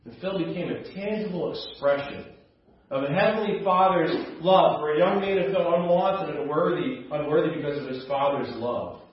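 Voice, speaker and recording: A pastor preaches an earnest sermon at normal speed, easing into quiet, low asides before pushing forward with raised emphasis. His voice sounds picked up from some distance, with heavy room echo, a slightly dull quality, and a little hiss or hum.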